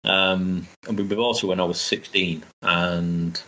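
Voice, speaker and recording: A man's voice: low-pitched, fairly even intonation, takes it slowly, lo-fi sound, background noise. A man chatting enthusiastically as a guest, rambling with restarts. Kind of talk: casual chat.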